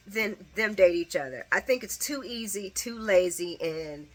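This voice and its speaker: A woman's voice: mid-range voice, expressive, moderate pace. A woman giving a casual, opinionated recap of a soap opera, laughing often and cursing.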